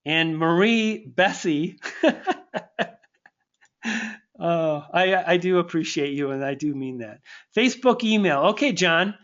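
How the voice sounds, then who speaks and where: A man coaching online marketing, hosting a live webinar and warmly answering viewers, thankful and stumbling over restarts. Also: a little high, animated, takes it slowly, pauses often, highs cut off.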